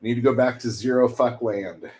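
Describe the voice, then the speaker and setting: A man's voice: medium pitch, steady tone, normal speed, noisy background. A young man chatting casually with his stream viewers, rambling and swearing, full of fillers like "like". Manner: rambling, profane, lots of "like".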